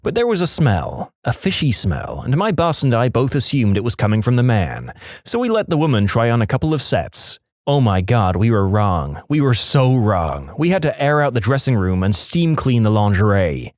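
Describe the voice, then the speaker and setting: Guy narrating reddit posts, pitch jumps around a lot, dry mic. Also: big pitch swings, normal speed, dry recording. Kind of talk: reading reddit posts aloud.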